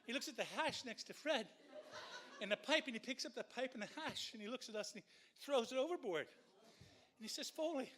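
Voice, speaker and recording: Guy telling a story on stage, pretty high voice, animated and swears a lot. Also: moderate pace, long pauses. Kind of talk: live story slam storytelling.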